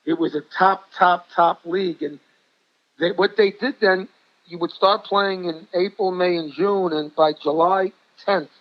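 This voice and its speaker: Older New York guy, chatty storyteller, high-ish voice, dull lo-fi sound. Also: fairly even intonation, unhurried. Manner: rambling, chatty, repeats himself. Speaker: guest, former ballplayer and coach. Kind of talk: interview storytelling. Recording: dull lo-fi audio.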